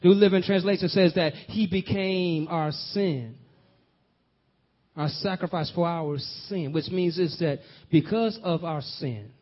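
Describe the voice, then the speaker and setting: Preacher, male, high voice, call-and-response delivery, dull lo-fi recording. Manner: rhythmic, building repetitions. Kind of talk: sermon.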